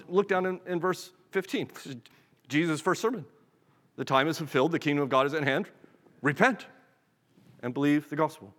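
A man's voice: fairly high pitch, fairly bright tone. A man preaching to his congregation in a slightly raised voice, earnest and direct, often stopping to restart a phrase. His sermon rings out in a long, reverberant hall. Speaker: pastor.

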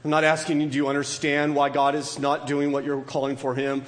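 A man's voice: a little high, monotone, fairly quick, long reverb tail. A pastor delivering a sermon to his congregation and asking frequent rhetorical questions.

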